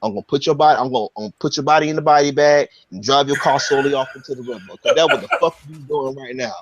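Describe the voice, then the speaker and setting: Excitable, profane man telling a story. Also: mid-range voice, rapid-fire. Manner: animated, profane storytelling with many restarts. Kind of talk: casual chat. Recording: dry, dull lo-fi audio.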